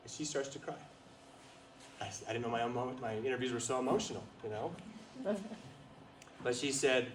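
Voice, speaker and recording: A man telling a story at a retreat, animated, laughing often and asking the listeners questions. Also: mid-range voice, fast, pauses often. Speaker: guest speaker at a retreat. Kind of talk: storytelling talk to an audience. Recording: roomy, distant, faint noise.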